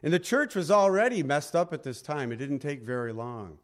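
A man's voice: a little high, moderate pace. Man preaching a conversational sermon. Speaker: pastor.

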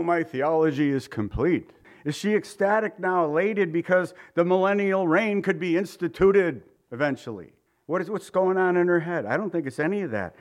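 A man preaching a conversational Easter sermon, joking with the congregation and asking rhetorical questions. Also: high voice. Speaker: pastor.

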